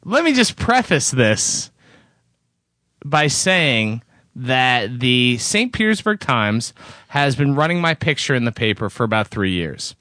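A man's voice: medium pitch, very animated, measured pace, sharp tone, no room sound, studio quality. A man co-hosting a casual podcast, telling an embarrassing story about himself in a sheepish, self-deprecating way. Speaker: podcast co-host.

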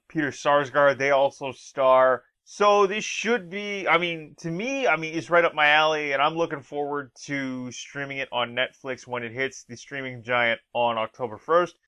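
A man's voice: medium pitch, unhurried, few pauses, sharp tone, clear, resonant tone. A man giving a casual spoken review of a movie trailer, rambling with restarts and acting out quoted lines.

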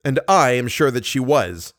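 A man's voice: medium pitch, animated, moderate pace, fairly bright tone, dry recording, studio quality, lightly acted. A man voicing an earnest young viscount. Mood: insistent. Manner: earnest, insistent. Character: earnest, agitated young nobleman.

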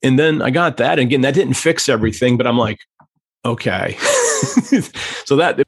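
A man's voice: medium pitch, a little fast, slightly rough, dry recording. A man earnestly telling an emotional personal story as a podcast guest, then explaining a prayer practice. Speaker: podcast guest, pastor trainer. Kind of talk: conversational storytelling.

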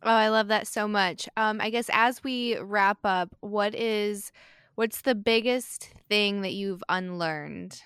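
A woman's voice: medium pitch, takes it slowly, clean tone, dry recording, clean studio sound. A woman hosting a podcast, enthusiastic as she wraps up an interview. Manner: enthusiastic, warm thanks and wrap-up. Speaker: podcast host. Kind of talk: casual interview talk.

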